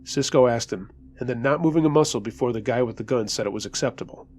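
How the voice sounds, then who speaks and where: A man telling a true scary story in the first person, conversational with tense emphasis. His voice sits at a middling pitch. He leans on key words as the story builds. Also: fast, darkish tone.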